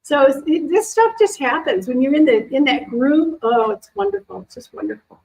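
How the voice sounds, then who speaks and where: Chatty high-voiced woman talking to a crowd. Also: moderate pace, poor audio. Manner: chatty, animated, acts out quoted voices. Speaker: animal communicator and intuition teacher. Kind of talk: casual talk to a live audience with questions.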